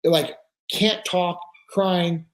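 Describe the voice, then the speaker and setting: A man's voice: high-pitched, slow. A man talking on a podcast, telling stories with earnest conviction and acting out the voices of the people in them. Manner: animated storyteller acting out quoted dialogue. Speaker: podcast speaker. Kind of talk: casual podcast conversation.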